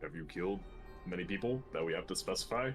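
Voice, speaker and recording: A man playing a tabletop game, chatty and lively. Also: deep voice, fast, faint music behind. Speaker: player.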